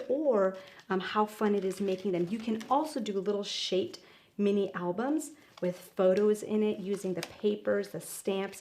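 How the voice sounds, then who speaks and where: A woman's voice: medium pitch, darkish tone. Woman demonstrating crafts with frequent ums. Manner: friendly instructional, frequent ums. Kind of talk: tutorial demonstration.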